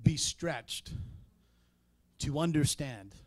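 A man's voice: fairly high pitch, animated, drawn-out words, no room sound. Man preaching with emphatic bursts. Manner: conversational preaching with sudden loud emphatic peaks. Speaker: pastor. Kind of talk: sermon. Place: church.

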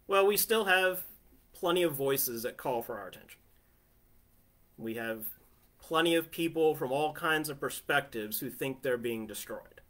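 A man's voice: mid-range voice, animated, measured pace, a bit bright. A man preaching a sermon from his family living room in a conversational way, often asking listeners "right?". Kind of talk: home sermon.

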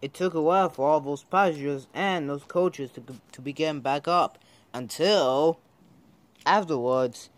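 Slow, halting storyteller man. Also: a little high. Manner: slow, halting, many restarts. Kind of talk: reading a homemade train story.

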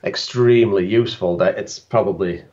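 A man's voice: lowish voice, moderate pace, darkish tone. Dry-humored man on a dull line. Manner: dry, self-mocking humor. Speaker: guest landscape photographer. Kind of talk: bantering live stream chat.

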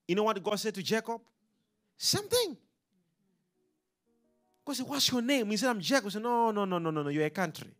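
A man preaching a sermon to a congregation, animated and full of call-and-response questions. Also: high voice, very fast, few pauses, soft background music.

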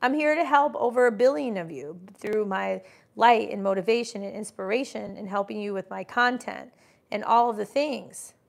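Vocal fry colors this mid-range female voice, which moves at a moderate pace. A business coach in her forties, she hosts a casual livestream full of emphatic motivation and read-aloud chat comments, mimicking naysayers in derisive tones.

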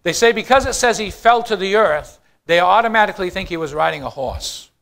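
High-voiced man preaching a sermon. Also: animated, brisk, gravelly. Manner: emphatic preaching, swinging between loud declarations and low, quiet asides; addresses the congregation directly with questions. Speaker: pastor.

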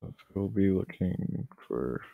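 Young male gamer, very deep with a gravelly fry, losing his voice; hesitant, dry sarcasm; tinny, dead-dry mic. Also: lively intonation, takes it slowly, dry recording. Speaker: gameplay commentator. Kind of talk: casual let's-play commentary.

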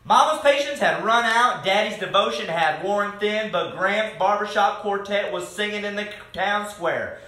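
A man reading a picture book aloud to children, expressive and chatting with them between pages. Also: high-pitched, measured pace, hardly any pauses. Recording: echoey room.

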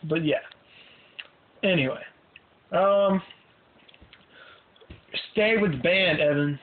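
A man's voice: fairly high pitch, measured pace, long pauses, noisy background. Goofy teenage boy rambling, tinny sound. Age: teens. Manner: goofy, self-mocking and scattered. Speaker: vlogger. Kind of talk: rambling casual vlog. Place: parked car at night.

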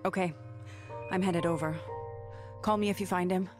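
An actress voicing a worried grown woman searching for a missing ex-husband, talking in a brisk, concerned way. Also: lowish voice, steady tone, natural voice. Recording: game scene with music behind.

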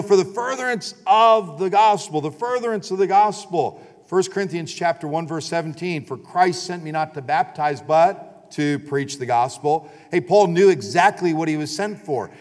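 An emphatic pastor preaching to his congregation, his fairly high man's voice carrying through a church hall with a long reverb. He repeats phrases for weight and keeps calling for the congregation to answer. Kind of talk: sermon. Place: church sanctuary.

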